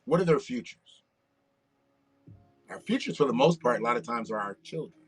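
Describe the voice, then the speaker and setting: A man's voice: mid-range voice, animated, normal speed, husky, soft background music. A man, hosting a livestream with blunt, profane, preachy commentary. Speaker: livestream host. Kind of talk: casual political commentary livestream.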